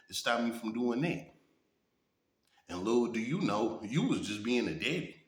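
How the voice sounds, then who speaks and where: Speaking directly to his viewers, a vlogger in his thirties tells stories and reacts in a casual monologue, his low, deep voice carrying lively intonation at a moderate pace. Blunt and full of swearing, he keeps checking in with "you know what I'm saying." The room is echoey and gives him a strong echo.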